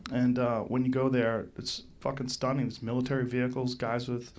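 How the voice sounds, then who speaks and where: A man's voice: medium pitch, level tone, brisk, darkish tone, slight background noise. A man hosting a podcast in casual chat, blunt and skeptical, swearing offhandedly. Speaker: podcast host.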